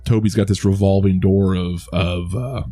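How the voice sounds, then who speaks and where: A man's voice: low voice, steady tone, normal speed, mellow. A man co-hosting a podcast, chatting casually about a movie with a lot of restarts and self-amused laughs. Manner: rambling, many restarts, laughs at his own jokes. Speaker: podcast co-host. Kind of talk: casual movie review chat.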